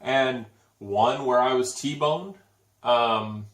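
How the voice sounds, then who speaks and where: A man's voice: medium pitch, extremely slow, fairly bright tone, far from the mic. A man co-hosting a casual chat show, adding dry joking asides. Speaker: podcast co-host. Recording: echoey room, off-mic.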